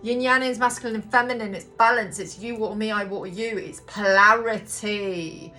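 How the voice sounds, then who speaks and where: A woman's voice: mid-range voice, fairly even intonation, normal speed, sharp tone. A woman giving a casual tarot reading, talking bluntly, swearing freely and rambling on. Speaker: tarot reader. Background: background music.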